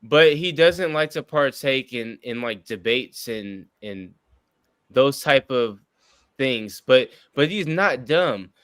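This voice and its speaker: A man's voice: medium pitch, lively intonation, takes it slowly, fairly bright tone, clear, resonant tone, dry recording, studio quality. A man in his thirties chatting casually on a stream, blunt and crude, often talking over others. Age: 30s. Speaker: streamer in group chat. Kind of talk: casual chat.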